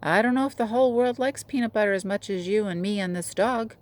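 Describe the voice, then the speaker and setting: A woman's voice: mid-range voice, quick pace, darkish tone, pitched above the performer's own voice, close to an everyday voice. A woman reading a kindly older woman. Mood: gentle, firm.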